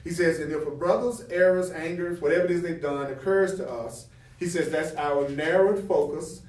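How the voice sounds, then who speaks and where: A man's voice: fairly high pitch, moderate pace. Man teaching, echoing from a distance. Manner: reads passages then explains them with rhetorical questions; animated, acts out example dialogue. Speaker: spiritual teacher. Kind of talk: teaching from a spiritual text. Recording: roomy, from the mic.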